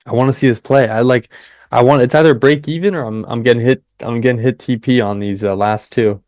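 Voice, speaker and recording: A young man hosting a live trading stream, chatting with viewers and cheering the market on in excited bursts. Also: mid-range voice, normal speed, pauses often, dry recording, clean studio sound. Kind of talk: live trading commentary with chat.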